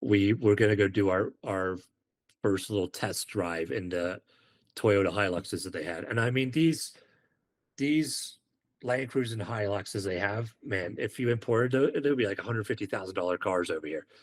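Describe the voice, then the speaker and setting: A man's voice: fairly low pitch, moderate pace. A man from the United Kingdom, a former Marine on a podcast, telling stories casually and acting out the dialogue. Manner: animated, acts out quoted dialogue. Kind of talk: casual storytelling.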